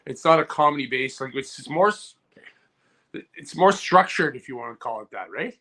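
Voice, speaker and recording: A man's voice: mid-range voice, animated, normal speed, creaky, sharp tone. A man co-hosting a comedy podcast, telling rambling stories in casual chat and laughing as he talks. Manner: rambling, laughs mid-story.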